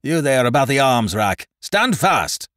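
A man's voice: mid-range voice, very animated, unhurried, a bit bright, dry recording, clean studio sound, voice pushed up. A man voicing a stern ship's captain who barks orders and cold rebukes. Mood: stern commanding. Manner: stern, commanding. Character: stern male ship captain, commanding.

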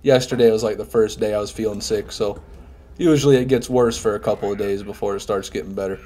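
Sick with a head cold, a young streamer gives casual live gameplay commentary, reading chat out loud and cursing now and then. His lowish, mellow voice stays steady as he talks quickly, over a slight hiss or hum.

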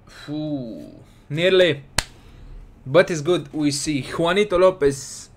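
Excitable man commenting on a football game. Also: on the high side, slow, slight background noise. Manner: excitable, scolds his players, non-native grammar. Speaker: gaming commentator.

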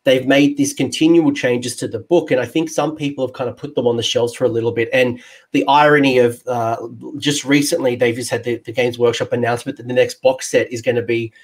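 A man's voice: medium pitch, a little fast. Jokey Australian man hosting. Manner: jokey, excitable banter. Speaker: podcast host and game coach. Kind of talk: casual video-call interview.

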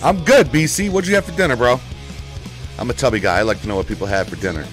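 A man chatting casually with viewers while he streams a racing game, excitable and prone to sudden shouts into his desk microphone. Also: mid-range voice, fast, soft background music. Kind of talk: casual live-stream chat.

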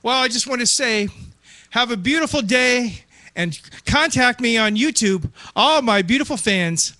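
A man with a high, sharp voice delivers a stand-up routine of groan-worthy gags. He laughs along at his own jokes in a self-amused way. The sound is dry and close. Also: expressive, measured pace, no room sound. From Ohio. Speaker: stand-up comedian. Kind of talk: stand-up one-liners.

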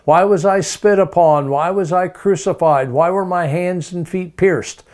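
A man voicing a bewildered condemned man who pleads in a rapid string of plaintive questions. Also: high-pitched, darkish tone, voice pushed up. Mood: baffled pleading.

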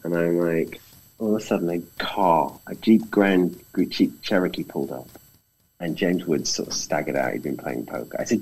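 Deep husky British man. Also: normal speed, rough recording. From Britain. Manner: animated storyteller, acts out quotes. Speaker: film director guest. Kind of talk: casual storytelling conversation.

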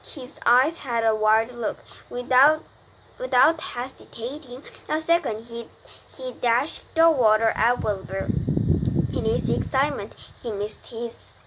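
A woman's voice: a little high, measured pace. Woman reading a novel aloud, stumbling on words. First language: Korean. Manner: careful reading with restarts on hard words. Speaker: parent reading to a child. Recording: noisy home recording.

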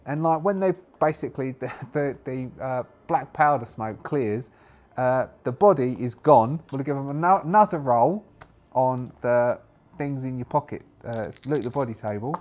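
A man's voice: medium pitch, normal speed, darkish tone. Rambling man playing a solo tabletop game. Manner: rambling, thinking aloud with many fillers. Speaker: solo game player and narrator.

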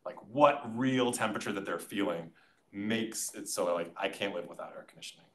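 A man's voice: on the low side, fairly quick, a bit bright. A man acting as conference discussant, giving casual, rambling academic comments full of fillers and self-deprecating asides. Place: conference session room.

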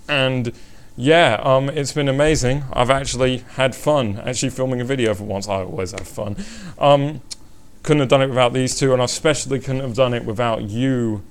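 Excitable man rambling on a live stream. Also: moderate pace, clear, resonant tone. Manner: excitable, rambling, jumps into high-pitched mock suspense and laughs often. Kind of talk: casual live stream chat.

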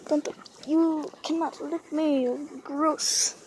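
Woman vlogger, high voice, slow and hesitant, rambling outdoors. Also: steady tone, darkish tone, slight background noise. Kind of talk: casual rambling vlog. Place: outdoors on a lounge chair.

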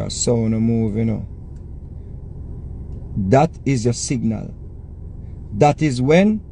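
Jamaican man, mellow tone, preachy and insistent, faint hiss behind. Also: a little high. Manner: emphatic, preachy, repeats warnings. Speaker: entertainer giving commentary. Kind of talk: casual spoken commentary.

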